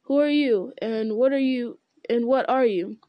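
A woman's voice: on the high side, unhurried, dry recording, dull audio, lightly acted. A woman voicing a young male hobbit who speaks eagerly and politely asks questions. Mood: timid.

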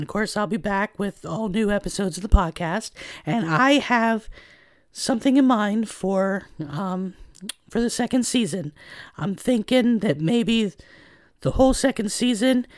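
A woman's voice: medium pitch, no room sound. A woman hosting a casual solo podcast, rambling along with lots of fillers. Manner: rambling, filler-heavy chatter. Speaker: podcast host. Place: at home in a trailer.

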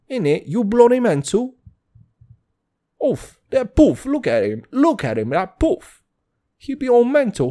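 A man in his twenties putting on a mock British accent to play a rowdy, jeering bloke with a shouty, high-pitched slangy manner. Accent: put-on British. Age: 20s.

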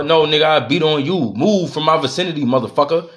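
A man's voice: a little high, fast talker, fairly bright tone. A man, hosting a podcast and venting in a heated, profane monologue, repeating himself as he goes. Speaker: podcast host.

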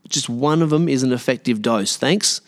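A man's voice: mid-range voice, normal speed. An Australian man in his late thirties, a podcast host, ranting alone in a rambling, profane, sarcastic way. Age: 30s. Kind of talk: solo rant.

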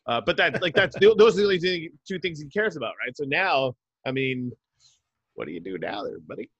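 A man's voice: on the high side, expressive, a little fast, a bit bright, no room sound, lo-fi sound. A man hosting a podcast, chatting loosely and sarcastically with plenty of fillers. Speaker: podcast host. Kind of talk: casual chat.

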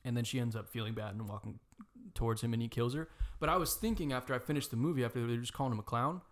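A man in his twenties telling a friend about a movie in casual chat, animated, swearing, full of "like" fillers. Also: mid-range voice, rapid-fire. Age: 20s.

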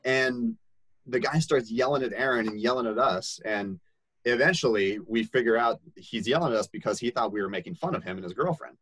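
A man's voice: medium pitch, a little fast, husky, no room sound, low-quality recording. Young guy telling a camp story, chill, lots of likes and ums, dry close sound. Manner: animated, laughing, acts out quoted voices. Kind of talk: casual storytelling.

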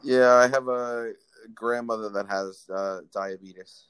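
A man's voice: medium pitch, fairly even intonation, takes it slowly, fairly bright tone, smooth. A young man hosting a casual chat, teasing his guest and joking about himself. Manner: joking, self-deprecating. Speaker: host.

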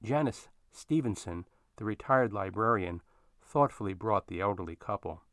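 A man narrating a story in an expressive storytelling manner. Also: on the low side, normal speed, no echo, studio quality.

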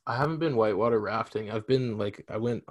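A man with a fairly low voice co-hosts a casual podcast chat. He talks in an easygoing, agreeable way and laughs along readily. The recording is dry and close. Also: fast talker, no room sound.

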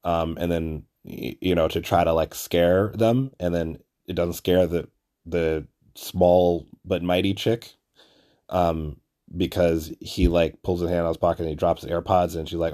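A man's voice: low voice, measured pace. A man hosting a podcast, telling a rambling, profane story with lots of fillers and restarts, acting out the people he quotes. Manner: acts out quoted people in animated bursts. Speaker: podcast host. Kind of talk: casual storytelling monologue.

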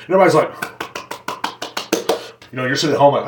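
A man's voice: a little high, sing-song, fast talker, pauses often, reverberant. Crude ranting male podcast host. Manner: crude, rambling, profane. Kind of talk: comedic rant.

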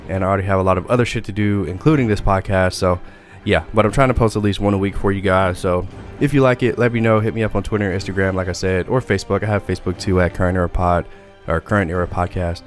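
A man's voice: sits low, fairly even intonation, fast talker, soft background music. A man hosting a podcast in casual chat, laid-back and rambling, with frequent restarts. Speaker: podcast host.

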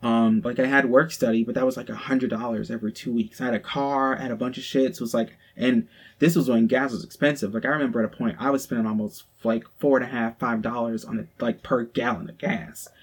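A man's voice: medium pitch, fairly even intonation, fast, slightly rough. A young man with a Southern accent telling a personal story to his co-host in a frank, profane, casual way, full of "like". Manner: frank, profane, heavy use of "like". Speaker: podcast co-host.

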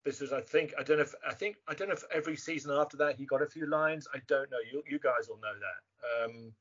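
Brief: English man, husky higher voice, chatty guest, dull lo-fi audio. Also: quick pace. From England. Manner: chatty, animated, mimics voices. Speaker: guest actor. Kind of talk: casual interview chat. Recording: muffled lo-fi remote audio.

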